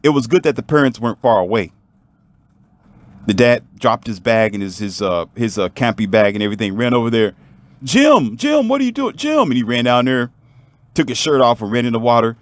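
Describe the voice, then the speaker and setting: A man's voice: mid-range voice, steady tone, a little fast, no room sound. Emphatic man preaching to the viewer. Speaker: vlogger. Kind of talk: motivational storytelling monologue.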